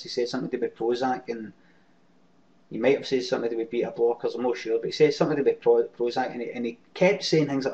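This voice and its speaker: Very fast and with fairly even intonation, a Glaswegian man on his webcam show tells a rambling, sweary story and answers viewer comments. His voice is mid-range and darkish, and the webcam mic recording is lo-fi.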